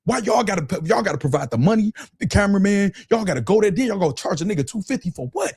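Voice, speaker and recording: Husky man ranting on a stream. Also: sits high, big pitch swings, quick pace, a little mellow. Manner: profane, mocking, repeats phrases. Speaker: streamer with his own platform. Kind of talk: angry livestream rant.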